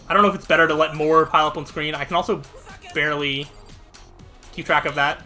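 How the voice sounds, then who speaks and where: A man's voice: fairly high pitch, fast, long pauses, soft background music. A man hosting a let's play, casually commenting on a game and reading its text aloud as he plays. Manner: animated, thinks out loud.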